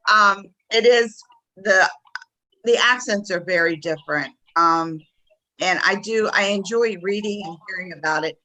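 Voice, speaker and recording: Bright-voiced Southern American woman co-host. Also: medium pitch, poor audio. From Southern United States. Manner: chatty and enthusiastic, quick to laugh. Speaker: podcast co-host. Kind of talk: casual chat.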